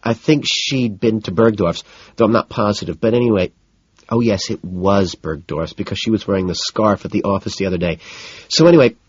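A man's voice: on the low side, slightly rough, no room sound, muffled recording. A man reading an audiobook voices a chatty, exasperated wealthy young woman who scolds and gossips. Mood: gossiping. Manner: gossipy, scolding, quick to dismiss.

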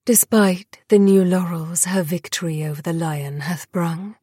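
A woman's voice: fairly low pitch, fairly even intonation, a little slow, mellow, husky, no echo, clean studio sound. A woman voicing a cruel, haughty vampire broodmother who taunts in silky, old-fashioned speech. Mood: sly.

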